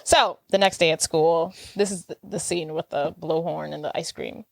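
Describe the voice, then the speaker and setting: A woman co-hosting a podcast, reacting in casual chat with slangy, quick remarks and laughs. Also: low voice, steady tone, creaky. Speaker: podcast co-host.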